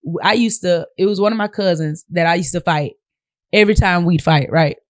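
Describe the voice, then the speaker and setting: Talking briskly in a fairly low voice, a Southern US woman hosts a podcast with a casual monologue. She addresses listeners directly as "y'all," and the sound is clean studio quality with no echo.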